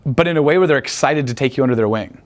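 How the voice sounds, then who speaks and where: A man coaching a live group in a room, talking in a chatty, profane way and tagging many points with "right?". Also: medium pitch. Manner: rapid, profane, chatty, asks "right?" often. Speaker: dating coach. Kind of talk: live seminar talk.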